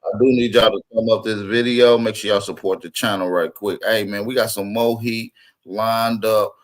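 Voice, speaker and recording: A man's voice: fairly low pitch, fairly even intonation, normal speed, rough recording. Combative man hosting a commentary channel. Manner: combative, street slang, calls out a rival. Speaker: channel host. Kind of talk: casual commentary video.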